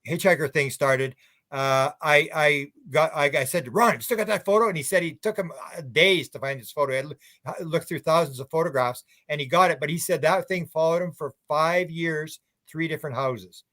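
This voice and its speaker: Male guest, higher-pitched man, rambling anecdotal talker. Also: moderate pace, bright, forceful tone. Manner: rambling, anecdotal, many restarts. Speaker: UFO researcher guest. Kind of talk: casual radio interview chat.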